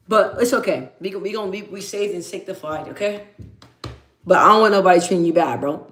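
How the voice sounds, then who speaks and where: A woman's voice: mid-range voice, fairly quick, a bit bright, a little hiss or hum. Candid woman chatting on a livestream, echoey room. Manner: candid and emphatic, repeats phrases, talks straight to viewers. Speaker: livestream host reading viewer comments. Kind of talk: casual livestream chat.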